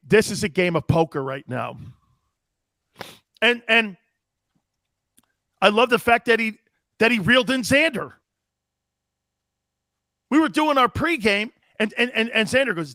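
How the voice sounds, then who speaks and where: Brash, animated male sports-talk commentator with a high voice; punchy, rhetorical delivery. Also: unhurried, long pauses, no room sound, clean studio sound. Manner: animated, emphatic, rhetorical questions.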